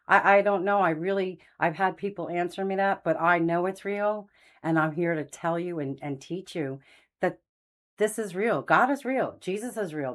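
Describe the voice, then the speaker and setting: Low-voiced woman telling a faith story. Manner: earnest, rambling, frequent fillers and restarts. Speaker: channel host telling faith stories. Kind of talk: casual testimony monologue.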